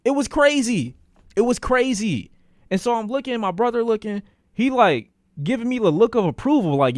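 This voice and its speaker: A man streaming a casual storytime, animated and profane, repeating phrases for emphasis. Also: very high voice, normal speed, no echo, clean studio sound.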